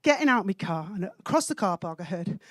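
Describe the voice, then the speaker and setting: Woman, stand-up comic, cheeky deadpan delivery, bouncy pitch. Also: fairly quick, no echo. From Wales. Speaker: stand-up comedian. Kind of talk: stand-up comedy set. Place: comedy club stage.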